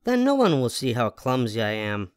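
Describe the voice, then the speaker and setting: A man voicing a timid tiny baby girl fruit bat in a high, squeaky storybook voice. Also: wildly swooping pitch, moderate pace, clean tone, no echo. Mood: hopeful.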